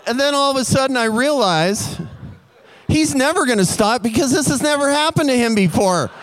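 A man telling a comic personal story in an animated way, building tension. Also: very high-pitched, moderate pace, slight background noise.

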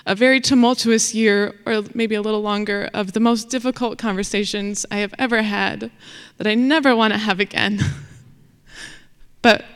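A woman's voice: mid-range voice, fairly even intonation, normal speed, clear, resonant tone. A woman telling a personal story live on stage, chatty, with fillers and frequent laughter. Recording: long hall reverb.

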